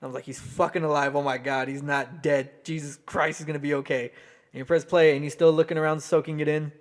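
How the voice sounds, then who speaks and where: A man's voice: on the high side, flat delivery, fast. Heartfelt, swearing podcast guy. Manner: heartfelt, profane storytelling. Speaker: podcast co-host. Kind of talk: casual chat.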